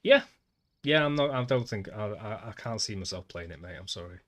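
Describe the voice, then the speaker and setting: Northern English male streamer, somewhat low voice, relaxed chatty game commentary. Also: brisk. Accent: Northern English, Manchester. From Manchester, England. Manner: chatty, talks to chat, says "mate" often. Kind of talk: casual gameplay livestream chat.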